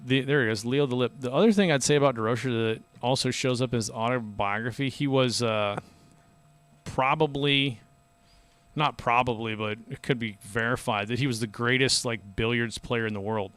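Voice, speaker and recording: A man's voice: mid-range voice, normal speed, a bit bright, no room sound. A man hosting a podcast, telling stories in a loose, rambling, chatty way. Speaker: podcast host. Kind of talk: casual podcast chat.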